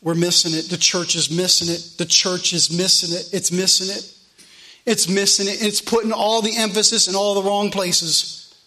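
A man preaching as pastor, loud and animated, repeating his phrases. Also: high voice, moderate pace. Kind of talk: sermon.

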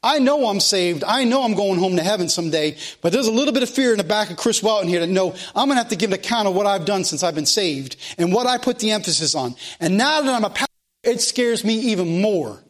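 A middle-aged male pastor preaching a sermon in church, emphatic and repetitive, slowing and rising at his climaxes. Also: high voice, expressive. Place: church sanctuary.

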